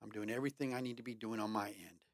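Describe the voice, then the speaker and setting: A man's voice: fairly low pitch, fairly even intonation, racing, no room sound, studio quality. A man co-hosting a casual conversation, talking earnestly and with the repetitive, preacherly phrasing of a man of faith. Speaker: podcast co-host.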